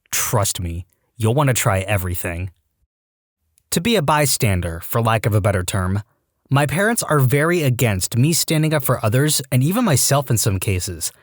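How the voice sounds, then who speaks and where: A man narrating a podcast, reading internet posts aloud in an expressive voice that swings widely in pitch. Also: no room sound, studio quality.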